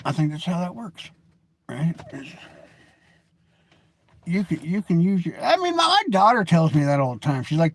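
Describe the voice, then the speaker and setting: With a slightly high, very animated voice at a moderate pace, this forty-something American vlogger leaves long pauses. He sits at a webcam or phone camera, delivering a rambling, jokey, blunt monologue.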